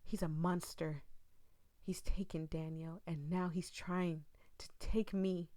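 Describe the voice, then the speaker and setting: A woman voicing an elderly, grieving mother in a horror game, reading in a hushed, intense way that drops into whispers. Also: fairly low pitch, flat delivery, takes it slowly, no echo. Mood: angry, fearful. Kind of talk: dramatic reading of game text.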